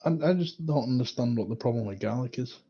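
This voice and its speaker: Halting man on a dull lo-fi mic. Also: medium pitch, lively intonation, warm tone, breathy edge. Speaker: podcast guest. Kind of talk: casual chat. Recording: dull lo-fi mic with faint noise.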